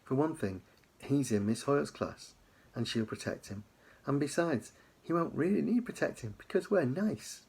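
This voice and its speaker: A man's voice: medium pitch, lively intonation, moderate pace, gravelly, darkish tone, slightly rough. A man doing a prim flustered schoolteacher. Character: flustered polite female schoolteacher.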